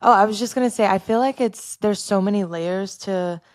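A woman's voice: mid-range voice, brisk, dry recording, clean studio sound. A woman co-hosting a podcast, joining in casually and reflectively, searching for her words. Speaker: podcast co-host.

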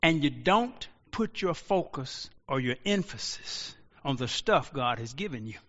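A man preaching a sermon as pastor, rising to shouts and slowing into drawn-out pauses. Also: mid-range voice, big pitch swings. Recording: lo-fi audio with long reverb.

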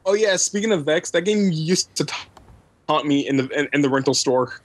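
A man in casual chat with friends, halting and stumbling over his words. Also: a little high, expressive.

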